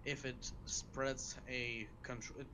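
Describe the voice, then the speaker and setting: A man joining a casual panel discussion as a guest over voice chat, speaking slowly and deliberately as he thinks aloud. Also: medium pitch, level tone, noisy background. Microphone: remote mic over voice chat.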